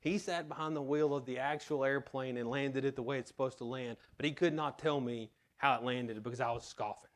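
A man's voice: medium pitch, fairly even intonation, fairly quick, hardly any pauses. A man preaching a sermon to his church in an earnest way, reading scripture and telling a personal story. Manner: earnest, tells personal anecdotes. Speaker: pastor.

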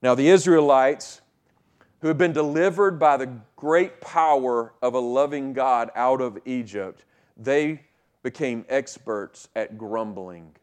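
A pastor preaching a sermon with emphatic delivery, repeating key lines and swinging from loud to hushed. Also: male voice, medium pitch, slow pace, clean tone.

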